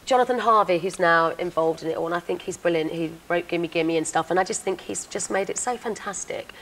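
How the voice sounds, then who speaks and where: A woman's voice: on the low side, fairly quick, a bit bright, low-quality recording. A woman actress being interviewed on a TV chat show, talking chattily with a lot of hesitation. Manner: chatty, hesitant with many fillers. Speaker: guest, actress. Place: TV studio.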